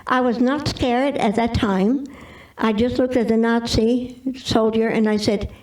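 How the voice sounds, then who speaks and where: An older woman telling her personal testimony as an interview guest, halting with restarts and repeats. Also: fairly high pitch, fairly even intonation, a little mellow, distant mic, low-quality recording.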